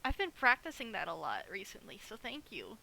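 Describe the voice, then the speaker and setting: A woman's voice: medium pitch, wildly swooping pitch, a little fast, vocal fry, pushed and bright, low-quality recording. A woman guest chatting casually on a stream, upbeat and teasing. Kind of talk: casual chat.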